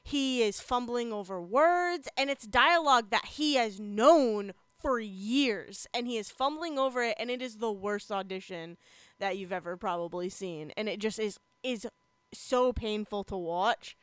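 A young woman chatting casually on a podcast, talkative and quick to laugh, with many fillers. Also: on the high side, expressive, clean tone, no room sound. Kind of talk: casual chat about TV shows.

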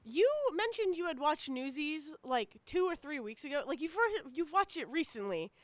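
A woman's voice: sits high, sing-song, normal speed, no echo. A woman co-hosting a podcast, chatting casually with lots of fillers and laughter. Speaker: podcast co-host. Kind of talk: casual chat.

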